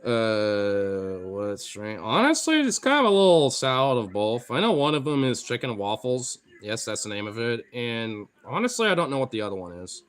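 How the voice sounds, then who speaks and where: A man with a Pacific Northwest accent, a streamer chatting casually with viewers, excitable, swearing freely and laughing often. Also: mid-range voice, normal speed, few pauses, smooth. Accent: Pacific Northwest American. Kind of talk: casual chat answering viewer comments.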